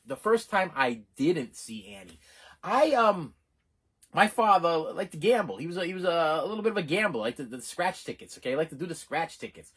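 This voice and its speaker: Middle-aged man, rambling storyteller, husky, very lively pitch; quick talker. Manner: rambling, animated, lots of restarts. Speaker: channel host. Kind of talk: casual storytelling.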